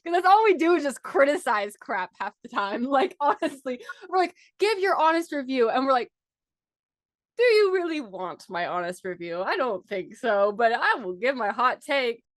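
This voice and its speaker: A young woman guesting on a podcast in casual chat, giggly and enthusiastic, quick to rant. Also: high voice, sing-song, dry recording, studio quality.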